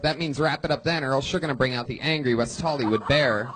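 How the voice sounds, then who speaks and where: Brash, high-voiced comedy show host. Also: male voice, fast, hardly any pauses. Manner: brash, crude, hyping the crowd with shouts. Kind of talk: hosting a live comedy show. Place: comedy club stage.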